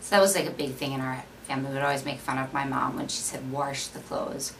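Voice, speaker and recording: Low-voiced woman vlogger with a Minnesota accent, rambling casual chat, faint background hiss. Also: racing, creaky, far from the mic, low-quality recording. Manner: chatty, rambling, many fillers. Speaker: beauty vlogger.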